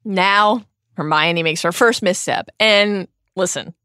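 A woman's voice: on the low side, takes it slowly, pushed and bright, clear, resonant tone, no echo, studio quality. A woman hosting a book podcast, retelling chapters and reading quotes aloud with wry asides. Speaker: podcast host. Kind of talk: book discussion podcast with read-aloud passages.

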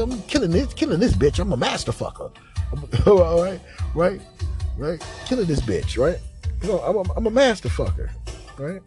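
A man hosting a podcast, telling a crude comic story in a rambling, animated way, repeating filler questions. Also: fairly high pitch. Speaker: podcast host.

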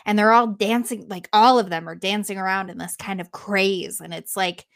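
A woman's voice: medium pitch, fairly even intonation, normal speed, gravelly, fairly bright tone. A woman retelling an old myth in a casual, chatty way, with laughing asides. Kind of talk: casual storytelling.

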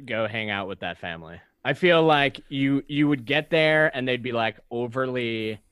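A man with a smooth, clean voice talking casually with friends on a podcast. He riffs playfully and spins darkly comic jokes. The sound is dry and close. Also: mid-range voice, expressive, normal speed, fairly bright tone, no echo. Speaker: podcast guest. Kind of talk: casual chat.

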